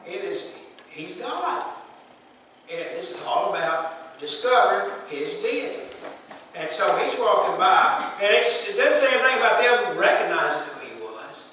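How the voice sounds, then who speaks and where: A man's voice: sits high, very animated, unhurried, bright, forceful tone, a little hiss or hum. A man preaching a sermon, talking plainly and putting questions to the congregation. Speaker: pastor. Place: church sanctuary. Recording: echoey hall recording from a distance.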